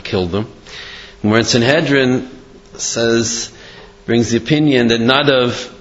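A man teaching a Torah lesson, asking rhetorical questions and pausing on fillers as he works through examples. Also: mid-range voice, slight background noise. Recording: dull lo-fi audio.

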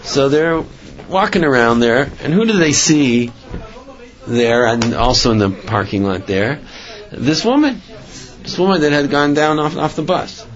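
A man's voice: a little high, measured pace, muffled recording. A man giving a religious storytelling talk, rambling with many restarts and filler phrases. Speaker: religious speaker.

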